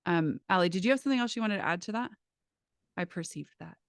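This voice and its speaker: A woman teaching a live class in a casual, lively way, swearing now and then and restarting her sentences. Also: on the low side, fast talker, dry recording, studio quality. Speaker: class facilitator.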